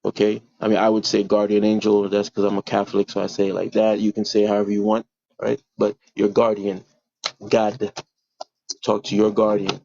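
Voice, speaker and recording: A man's voice: on the low side, monotone, moderate pace, gravelly, a little mellow, no echo. A man hosting a casual livestream, rambling and repeating himself as he talks straight to his viewers. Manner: rambling, repeats words, addresses viewers directly. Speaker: livestream host. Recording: dull lo-fi stream audio.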